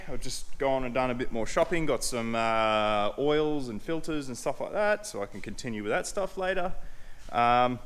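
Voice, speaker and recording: A man's voice: medium pitch, fairly bright tone. A man, chatting casually and jokingly while working on a car build in his garage. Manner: laid-back, jokey, chatty. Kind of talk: casual workshop vlog.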